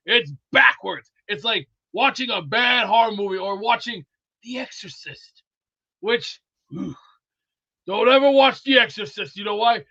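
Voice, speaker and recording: A man with a high, sharp, bright voice hosts a live sports talk chat. He rambles boisterously from one movie quote to the next. The audio is dull and lo-fi. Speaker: host of a sports talk show.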